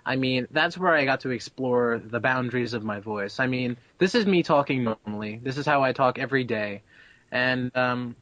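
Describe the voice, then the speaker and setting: A man's voice: medium pitch, normal speed, fairly bright tone, no room sound. A young man being interviewed about his voice acting, chatty and brash, laughing and swearing freely. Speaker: abridged-series voice actor, interview guest. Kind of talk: casual interview.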